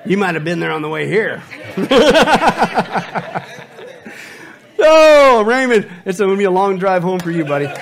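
A man's voice: high voice, a little slow, creaky, pauses often. A man preaching a humorous sermon, acting out little scenes and voices. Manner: animated, acts out voices and scenes. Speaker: pastor.

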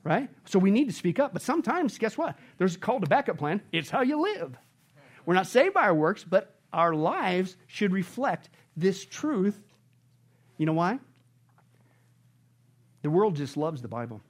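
A high-pitched man preaching from the pulpit. He swings from loud, emphatic bursts down to low, quiet stretches and keeps throwing rhetorical questions at the congregation. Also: expressive, normal speed, pauses often. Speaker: pastor. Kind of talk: sermon.

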